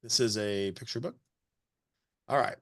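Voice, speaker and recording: A man's voice: fairly low pitch, unhurried, a bit bright, dry recording, clean studio sound. A man critiquing a picture book manuscript, reading passages aloud in a sing-song lilt and breaking off to comment.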